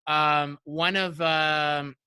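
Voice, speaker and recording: High bright-voiced chatty man. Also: steady tone, extremely slow, clean tone, no echo. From Montreal, Canada. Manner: rambling, lots of "like" and "you know". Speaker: podcast host. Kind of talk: casual chat, storytelling.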